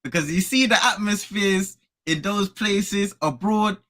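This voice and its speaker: A man co-hosting a football watchalong, chatting in animated slang. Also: sits high, a little slow. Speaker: co-host. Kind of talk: casual watchalong chat.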